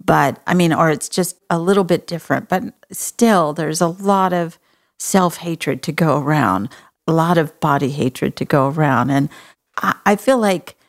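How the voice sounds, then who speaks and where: A woman from Texas with a Texan accent, hosting a podcast in a folksy, earnest and compassionate way. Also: on the low side. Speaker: podcast host. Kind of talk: casual interview chat.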